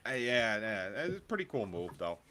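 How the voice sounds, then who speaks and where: Man, low voice, upbeat joking podcast co-host, lots of fillers. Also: big pitch swings, moderate pace, pushed and bright, clear, resonant tone. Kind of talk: casual wrestling review chat.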